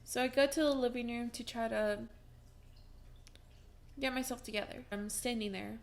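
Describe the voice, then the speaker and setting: A woman's voice: a little high, fairly even intonation, moderate pace, a little hiss or hum. A young woman vlogging from home, telling a personal story in a casual, chatty way with many fillers and restarts, and breaking into laughs as she talks.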